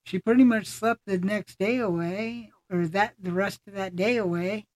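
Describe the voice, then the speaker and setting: A podcast host chatting casually, speaking in halting sentences with many fillers and restarts. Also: medium pitch, darkish tone, no room sound. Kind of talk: casual conversational chat.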